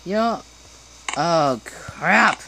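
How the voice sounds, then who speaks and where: Young woman gamer, horror commentary, slow and jumpy, lively pitch, screams at scares. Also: vocal fry, slight background noise.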